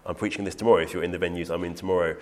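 A man's voice: deep voice, fairly even intonation, rapid-fire, darkish tone. Earnest man teaching scripture. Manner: earnest, emphatic, quotes scripture. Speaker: preacher. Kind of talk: bible teaching talk.

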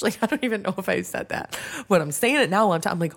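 A woman's voice: mid-range voice, fast. A young woman telling a long personal story in casual chat, swearing freely and filling her talk with likes and ums. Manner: chatty, swears freely, lots of fillers and restarts.

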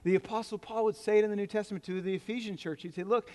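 A man's voice: sits high, fairly even intonation, rapid-fire, darkish tone. A man preaching a sermon in a church, talking to the congregation in a conversational way with jokes and repeated words. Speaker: pastor. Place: church sanctuary. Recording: reverberant hall.

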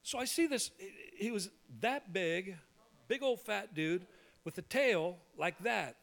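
A male pastor telling a humorous story in a sermon, animated and full of quick restarts. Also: high voice, gravelly.

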